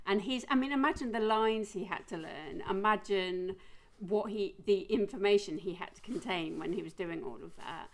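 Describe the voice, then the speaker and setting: A woman's voice: medium pitch, moderate pace, slight background noise. A woman joining a casual film podcast, talking chattily and giggling often. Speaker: podcast guest.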